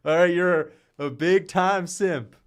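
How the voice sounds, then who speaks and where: A man's voice: high-pitched, slow pace, smooth. A man streaming live, rambling in casual chat, joking and often laughing, slipping into mocking impressions. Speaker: livestreamer. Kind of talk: casual livestream rant.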